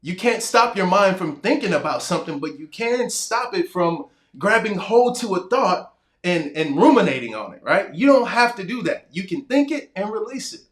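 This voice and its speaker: A man's voice: high-pitched, sing-song, moderate pace. A man in his thirties giving a casual, conversational self-help talk straight to the viewer, acting out bits of his own past dialogue. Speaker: motivational speaker. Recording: echoey room.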